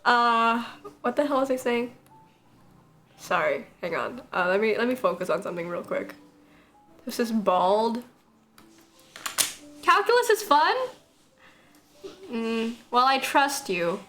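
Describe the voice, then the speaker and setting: Chatty young woman streamer, slightly high voice. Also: sing-song, slow pace, long pauses, a bit bright. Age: young adult. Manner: chatty, rambling, answers chat, laughs often. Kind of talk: casual chat while drawing on stream.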